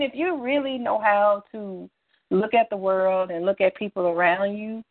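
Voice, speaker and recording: A woman's voice: mid-range voice, normal speed, dry recording. Woman, southern US, radio interview guest, rambling, filler-heavy, phone-line sound. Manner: rambling, many fillers and restarts. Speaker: author guest. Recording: tinny phone line, dry.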